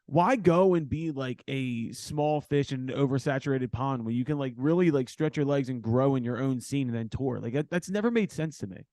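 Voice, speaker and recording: In a backstage studio, a podcast host from Philadelphia runs a casual interview, talking loosely with lots of fillers and swearing. His mid-range, mellow voice moves fairly quickly with hardly any pauses, and there's no echo.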